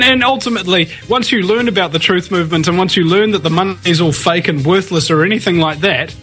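Ranting high-voiced radio host. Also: male voice, fairly bright tone. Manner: ranting, emphatic, laughs often. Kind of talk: casual radio talk.

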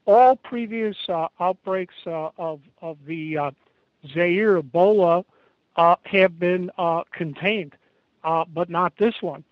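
An American man giving a halting, emphatic interview over an internet call, pausing often. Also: sits high, no echo. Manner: halting, emphatic, many pauses. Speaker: interview guest. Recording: dull lo-fi internet call audio.

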